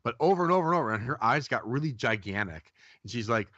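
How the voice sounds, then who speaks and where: A man's voice: mid-range voice, animated, fast talker, few pauses, fairly bright tone, no echo. A man, a psychic medium guest on a radio show, telling rambling anecdotes in casual talk and acting out the people he quotes. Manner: rambling, many restarts, acts out quotes. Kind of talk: casual radio interview storytelling. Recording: dull lo-fi radio audio, dry.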